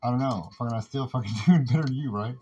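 A man's voice: medium pitch, quick pace, darkish tone, breathy edge. A man delivering a rambling, agitated, profanity-filled monologue as a podcast host, talking in long runs broken by constant fillers. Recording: muffled lo-fi recording with faint background noise.

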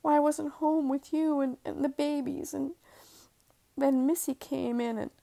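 A woman voicing an overwrought young mother who flares up into shrill outbursts, read from her own novel. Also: fairly even intonation, a little slow, gravelly, mellow. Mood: dreamy.

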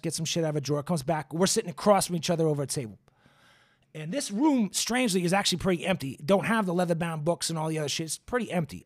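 Profane animated man telling a story. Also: a little high. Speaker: podcast host. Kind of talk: casual storytelling.

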